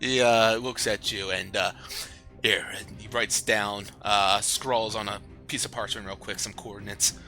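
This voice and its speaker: A man narrates a tabletop session as game master, his voice very bright and forceful. He drifts in and out of quoted characters in an easygoing way. Soft music plays underneath. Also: lowish voice, fairly even intonation, unhurried.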